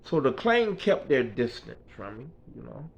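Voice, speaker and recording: A man's voice: mid-range voice, very animated, normal speed, vocal fry, lo-fi sound. A man telling his life story in a casual, rambling way, with frequent fillers. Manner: rambling, fillers like "you know" and "right".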